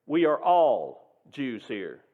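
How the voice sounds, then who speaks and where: A defiant army sergeant , voiced by a man, speaks calmly and sternly, taking his time over each word. The sound is tinny, with a long echo. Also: a little high. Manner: calm, stern, deliberate. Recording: tinny, echoing hall.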